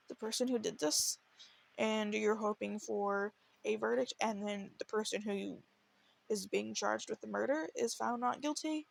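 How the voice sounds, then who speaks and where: A woman's voice: fairly high pitch, steady tone, unhurried, creaky. A woman hosting a true crime podcast, telling the case in an earnest, emotional way and stumbling into restarts as she reads quotes. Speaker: podcast host.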